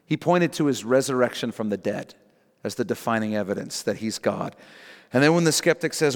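Preaching a sermon in a church sanctuary, a male pastor speaks emphatically and directly, repeating key phrases for weight. His medium-pitched voice is fairly quick with lively intonation, and the large hall adds long reverb.

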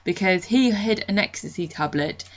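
A woman's voice: mid-range voice, animated, moderate pace. A woman with a mid-range voice co-hosts a podcast, teasing and wry. The recording sounds dull and lo-fi. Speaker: podcast co-host. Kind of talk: casual chat recapping a soap.

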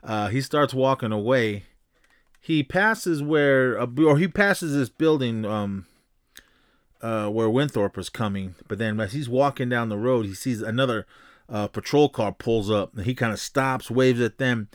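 A man's voice: mid-range voice, unhurried, no room sound, clean studio sound. A man hosting a podcast, casually retelling a movie in a rambling way full of fillers and restarts. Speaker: podcast host.

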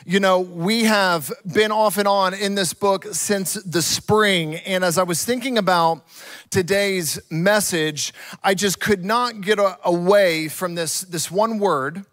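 A man's voice: high-pitched, slow, fairly bright tone, dry recording. A male pastor preaching a sermon, earnest and emphatic, repeating key words for weight.

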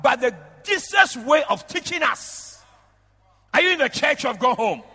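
A man, a bishop preaching a lively sermon in a large church, shouting out to the congregation and breaking into laughter. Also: very high voice, a little slow. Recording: long reverb of a church hall.

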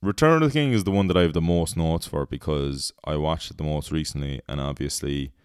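Young man, casual podcast host, rambling, dry close sound, clear resonant tone. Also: rumbling low, brisk, a little mellow, no echo. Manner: rambling, swears freely, laughs at own jokes. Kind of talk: casual chat.

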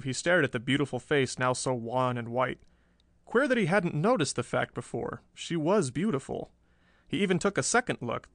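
A man reading a pulp thriller aloud as scripted narration, steady and measured, lifting his voice at the dramatic turns. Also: mid-range voice, dry recording, clean studio sound. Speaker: audiobook narrator.

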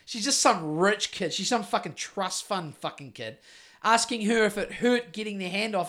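A man's voice: sits high, normal speed, a bit bright. A middle-aged man with a New Zealand accent, ranting and swearing heavily in casual podcast chat. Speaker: podcast host.

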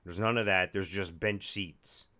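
A man's voice: deep voice, steady tone, unhurried, pushed and bright. A man co-hosting a casual podcast chat, joking and wry, rambling through restarts. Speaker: podcast co-host.

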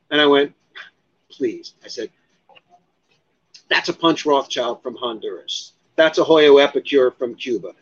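A man telling a story as an interview guest, animated and profane, acting out what others said. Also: mid-range voice, measured pace, long pauses, lo-fi sound. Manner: animated, profane, acts out other people's lines. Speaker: guest, cigar expert.

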